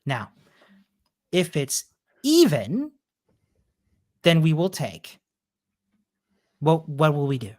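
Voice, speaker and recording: Calm woman with a low voice walking thru code, dry mic. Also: slow pace, long pauses, dry recording. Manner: calm, patient explaining. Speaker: coding instructor. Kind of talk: live coding explanation.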